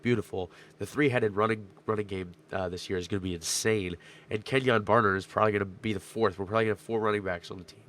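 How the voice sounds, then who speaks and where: A young man with a stuffed-up nose, his voice strained from yelling, rambling excitedly through a casual sports recap vlog. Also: fairly low pitch, quick pace. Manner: rambling, excitable, many fillers. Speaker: sports vlogger.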